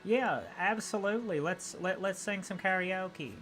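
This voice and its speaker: A man's voice: high-pitched, a little slow, a bit bright, slight background noise. A man streaming a video game, rambling goofily with restarts and laughing at himself in casual commentary. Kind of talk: casual let's-play commentary.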